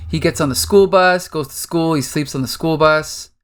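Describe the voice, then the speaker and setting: A man's voice: on the high side, normal speed, a bit bright, clear, resonant tone. A man hosting a podcast, recapping a story in a loose, rambling casual chat. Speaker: podcast host.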